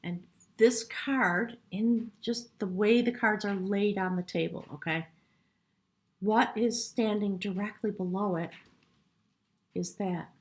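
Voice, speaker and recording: A woman giving a spiritual tarot reading in a soft, reverent way, sometimes dropping to a hush and getting choked up. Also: mid-range voice, fairly even intonation, takes it slowly. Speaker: tarot reader.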